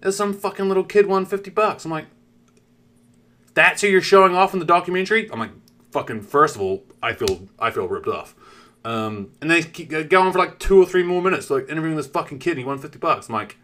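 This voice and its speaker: Male streamer, bright voice, lively pitch, casual storytelling, swears a lot. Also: fast talker. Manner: animated, swears freely, talks straight to chat.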